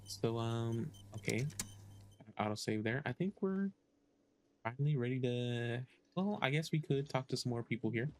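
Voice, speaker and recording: A man giving casual let's-play commentary, hesitant and thinking aloud with many pauses. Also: mid-range voice. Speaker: gaming streamer.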